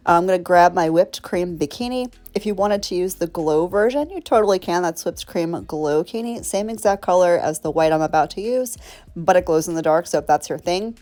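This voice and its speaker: A woman's voice: lowish voice, a little mellow. A woman chatting through a nail tutorial in a bubbly, rambling way, talking straight to her viewers. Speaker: nail art creator.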